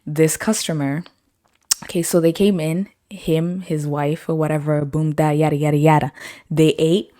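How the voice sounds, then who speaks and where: Speaking at a moderate pace in a deep voice, this young podcast host spins casual anecdotes, laughing frequently and performing the voices of people she quotes. The studio-quality audio is dry, with no echo.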